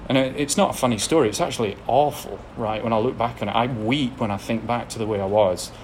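A man with an English accent gives a candid personal testimony to an audience, mixing blunt confession with self-deprecating laughs. His voice sits at an ordinary middle pitch. A faint hiss of background noise runs under the recording. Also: fast talker, darkish tone. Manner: frank, self-deprecating storytelling with frequent laughs. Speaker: speaker sharing a recovery story.

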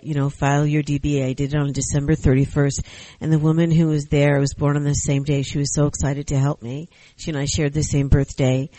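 A man giving a personal share at a support meeting, speaking earnestly and reflectively. His voice is fairly high-pitched yet mellow and dark. The sound is dry and close. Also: no room sound. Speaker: member sharing at a recovery meeting.

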